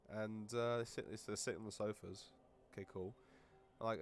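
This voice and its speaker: A man's voice: on the low side, steady tone, moderate pace, a little hiss or hum. A man co-hosting a podcast, telling rambling stories full of crude jokes in casual chat. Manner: rambling, crude jokey storytelling. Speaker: podcast co-host.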